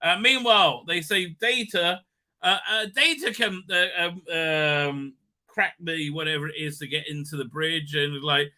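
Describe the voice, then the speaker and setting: Guy rambling thru a live recap, lots of uhs and swearing, kinda high sharp voice. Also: measured pace. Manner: rambling, filler-heavy, swears freely. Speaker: host of a live recap stream. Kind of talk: casual live episode recap.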